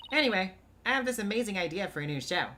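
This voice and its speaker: A man voicing a cheerful, excitable young woman sidekick during a game playthrough, with game music behind. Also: high voice, fast talker, a little hiss or hum, pitched above the performer's own voice. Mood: excited. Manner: bubbly and enthusiastic.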